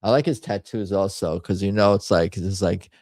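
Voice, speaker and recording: A man's voice: low voice, normal speed, darkish tone, no echo. A man hosting a casual livestream, rambling through memes with wry asides and frequent restarts. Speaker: host.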